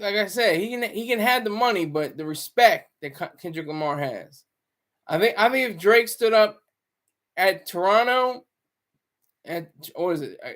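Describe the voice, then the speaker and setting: A man's voice: sits high, a bit bright. A man giving casual, rambling livestream commentary, often breaking off mid-sentence and chuckling. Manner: rambling, self-interrupting.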